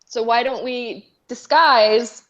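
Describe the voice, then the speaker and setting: A woman playing a tabletop game, pitching ideas in a playful, laughing manner. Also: slow pace, fairly bright tone, dull audio. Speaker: player.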